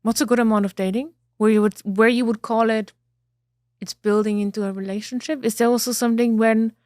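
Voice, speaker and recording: Woman podcast host, mellow warm voice, thoughtful questions, dry close mic. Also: on the high side, fairly even intonation, brisk, no room sound. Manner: thoughtful, restates ideas as questions. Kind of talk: interview questions.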